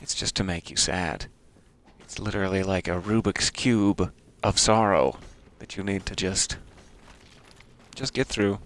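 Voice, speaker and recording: A man's voice: low voice, unhurried, a bit bright. A man giving wry, self-deprecating commentary while playing a video game. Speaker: game streamer. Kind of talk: let's-play commentary.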